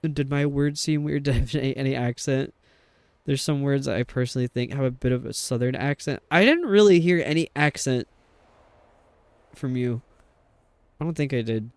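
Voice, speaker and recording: A man's voice: mid-range voice, normal speed, pauses often, smooth, no echo. A young adult man streaming a game, chatting in a rambling, casual way with lots of fillers. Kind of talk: casual chat while playing a game.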